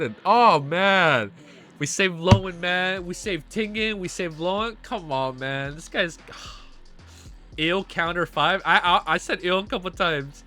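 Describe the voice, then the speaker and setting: A young man hosting a reaction stream. He reads a web novel aloud and keeps breaking in with excited, slangy outbursts. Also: sits high, takes it slowly, soft background music. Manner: excitable, slangy, cuts in on his own reading with outbursts.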